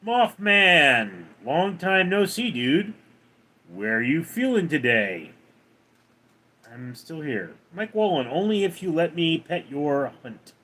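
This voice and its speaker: A man's voice: a little high, sing-song, takes it slowly, sharp tone. A man hosting a casual livestream, reading out chat names and answering them one by one in a drawl.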